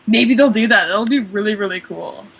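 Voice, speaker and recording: A woman's voice: medium pitch, normal speed, a bit bright, breathy edge. A woman chatting casually as a panelist on a fan show, bubbly and giggly, full of fillers.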